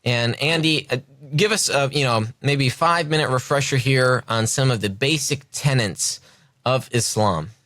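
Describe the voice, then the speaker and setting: A man's voice: mid-range voice, a little slow, a bit bright, dry recording, clean studio sound. A man hosting a podcast interview, friendly and hesitant with many fillers as he asks questions. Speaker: podcast host.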